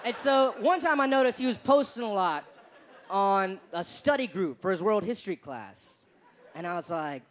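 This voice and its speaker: A young man doing stand-up, telling a story in an animated, profane, mocking way. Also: sits high, moderate pace. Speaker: stand-up comedian. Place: comedy stage before a live audience. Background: audience laughter.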